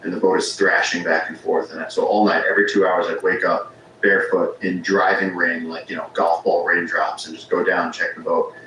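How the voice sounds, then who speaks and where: Man, very low voice, rambling storyteller, casual chat, echoey room, faint background hiss. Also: brisk. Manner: rambling, restarts sentences, animated storytelling. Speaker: podcast guest.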